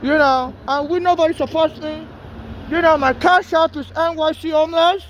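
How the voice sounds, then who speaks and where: A man with a strikingly high-pitched voice, talking straight to camera. He rambles and pleads, circling back and repeating himself with urgency. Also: steady tone, normal speed, lo-fi sound, a little hiss or hum. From Nigeria. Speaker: homeless man filming a plea. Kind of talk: urgent direct-to-camera plea.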